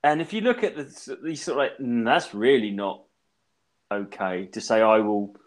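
This podcast co-host, an English man in his thirties, swears freely while rambling through an animated tale in relaxed conversation. His pitch is medium and his pace moderate.

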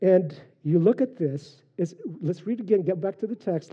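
A pastor delivers a conversational sermon in a slightly high, husky voice, often pausing on fillers as he teaches. The recording sounds dull and lo-fi. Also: expressive. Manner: conversational preaching with frequent fillers and anecdotes.

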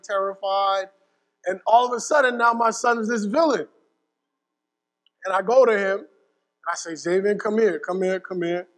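A young man preaching, his voice set high for a man. He tells a story and keeps checking in with "right?" as he goes. His voice carries a long reverb, as if in a big hall. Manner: storytelling with asides and repeated "right?". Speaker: pastor. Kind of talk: sermon.

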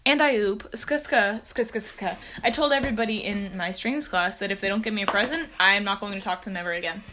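A woman's voice: mid-range voice, fast, noisy background. A teenage girl co-hosting a podcast in casual chat, bubbly, joking and self-assured. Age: teens. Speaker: podcast co-host.

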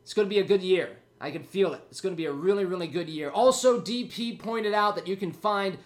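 Speaking a little fast in a high-pitched voice, a breathless man rambles on his own podcast. His casual talk is full of jokes at his own expense.

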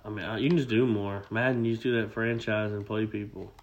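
A man's voice: on the low side, steady tone, fast talker, muffled recording. A young man co-hosting a podcast, joking, teasing and swearing freely in casual chat. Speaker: podcast co-host.

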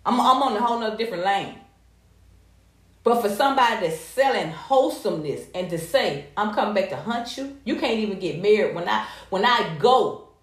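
Sassy animated woman gossiping. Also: medium pitch, fairly quick. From United States. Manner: animated, sassy and profane, with frequent laughs. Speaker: commentary vlogger. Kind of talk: casual gossip commentary. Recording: echoey room.

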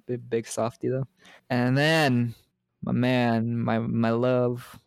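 A man's voice: mid-range voice, flat delivery, slow, creaky, smooth, no echo. Rambling joking American man. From United States. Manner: rambling, joking, laughs often. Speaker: podcast co-host. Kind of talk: casual movie recap chat.

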